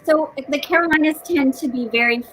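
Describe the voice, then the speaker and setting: Co-hosting a relaxed book chat on a video call, a woman keeps restarting her sentences and laughing frequently as she rambles. Her voice sits high and a bit bright, fairly quick, on a rough recording with faint background noise.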